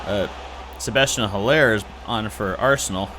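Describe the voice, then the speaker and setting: A man's voice: on the low side, moderate pace, crowd noise. Chatty man commentating his football game. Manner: chatty, excitable, grumbling at setbacks. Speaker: gaming YouTuber. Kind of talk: casual gameplay commentary.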